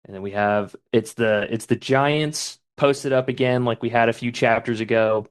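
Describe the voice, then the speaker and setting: A man's voice: medium pitch, fairly even intonation, normal speed, hardly any pauses, clean tone. A man on a podcast casually narrating a comic chapter panel by panel and reading out the characters' lines.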